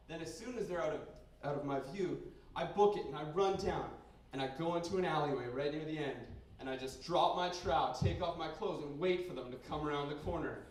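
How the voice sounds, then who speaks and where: A young man from Canada works a basement bar crowd with crude, rambling stand-up that keeps bursting into loud rants. His voice sits a little high for a man. The room is very echoey, and he sounds far from the recorder, with faint bar noise behind him. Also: a little fast, hardly any pauses. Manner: brash, crude, rambling storytelling with sudden loud outbursts. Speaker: stand-up comedian. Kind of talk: stand-up comedy set. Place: basement bar comedy night. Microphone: handheld stage mic recorded by a camera in the room.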